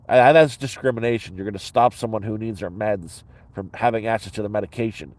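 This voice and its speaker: A man's voice: on the low side, fast, hardly any pauses, a little mellow. Blunt, rambling man telling a story. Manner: blunt and profane, with many restarts. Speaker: vlogger. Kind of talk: casual rambling storytelling to camera. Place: inside a sleeping bag in the cold.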